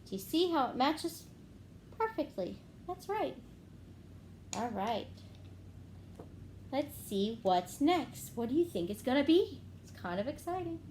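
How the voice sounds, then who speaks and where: A woman teacher giving a gentle phonics lesson to young children, clapping out words syllable by syllable. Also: high voice, sing-song, unhurried, pauses often, a little hiss or hum.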